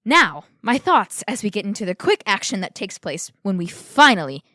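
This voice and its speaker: A woman co-hosting a film podcast, talking in an excitable, gushing and playful way. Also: mid-range voice, normal speed, dry recording, clean studio sound. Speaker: podcast co-host. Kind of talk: casual film review chat.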